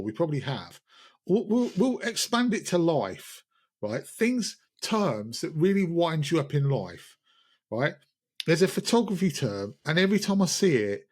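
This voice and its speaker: A man's voice: a little high, slightly rough. A man co-hosting a casual pub-style podcast chat, rambling and joking at himself. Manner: rambling, jokey, self-mocking. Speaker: podcast co-host.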